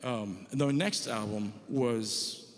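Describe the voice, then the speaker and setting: A man's voice: medium pitch, takes it slowly. Chatty man in his forties, echoing hall. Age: 40s. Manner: chatty, self-mocking, jokey asides to the crowd. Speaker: visiting musician. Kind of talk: storytelling between songs at a church concert. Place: church hall with live audience. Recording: long hall reverb.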